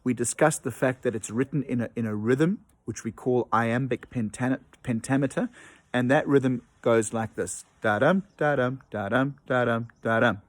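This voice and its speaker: A male teacher recaps an online lesson from home, patient and hesitant, with plenty of ums and uhs. His voice is of middle pitch and sounds dry and close on a laptop mic. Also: moderate pace, no room sound. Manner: explains patiently, tapping out rhythm aloud.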